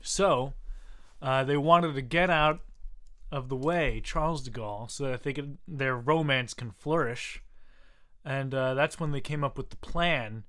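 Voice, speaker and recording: A man's voice: mid-range voice, a little slow, a bit bright. A man co-hosting a podcast, improvising a comedy story with many hesitant restarts. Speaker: podcast co-host.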